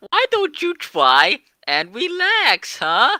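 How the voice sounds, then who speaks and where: A woman's voice: very high-pitched, sing-song, takes it slowly, bright, forceful tone, no room sound. A woman playfully reading a character's lines aloud in a comedic story reading.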